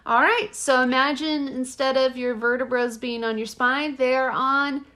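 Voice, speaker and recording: Bright-voiced chatty woman podcaster. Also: sits high, steady tone, measured pace. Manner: chatty, giggly, rambling with fillers. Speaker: podcast co-host. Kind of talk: casual chat.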